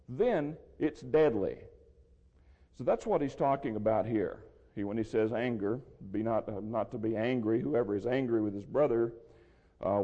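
A man teaching through a Bible passage verse by verse, measured and explanatory, with a dry throat he soothes with water. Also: mid-range voice, dark tone. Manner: measured, explanatory, restarts phrases. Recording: lo-fi with long hall reverb.

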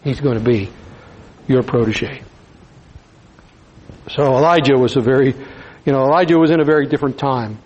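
A man preaching a sermon in a conversational, folksy style, dropping softer for emphasis. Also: medium pitch, moderate pace, pauses often, slightly rough, highs cut off.

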